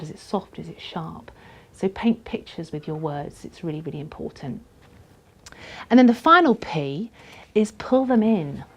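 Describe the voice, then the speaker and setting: Lively woman teaching storytelling. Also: on the low side. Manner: lively, emphatic, often drops to a soft aside. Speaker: storytelling tutor. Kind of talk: instructional talk to camera.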